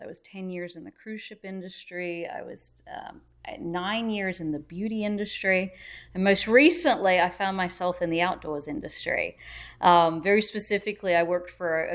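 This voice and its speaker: Middle-aged Australian woman guest, chatty and cheerful, smooth lower voice. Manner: cheerful, chatty, laughs easily. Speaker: interview guest. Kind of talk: casual interview. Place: busy event venue.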